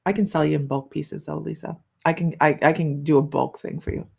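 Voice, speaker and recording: A woman's voice: sits low, steady tone, fairly quick, gravelly, mellow, breathy edge. A middle-aged woman hosting a psychic livestream, chatting casually and rambling as she reads out viewer comments. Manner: chatty and rambling, many fillers and restarts.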